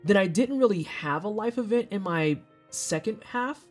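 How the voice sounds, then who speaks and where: Animated, foul-mouthed woman streamer in her thirties. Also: medium pitch, normal speed, soft background music. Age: 30s. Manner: animated, profane storytelling with exaggerated quoted voices. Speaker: streamer host. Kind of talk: casual stream chat.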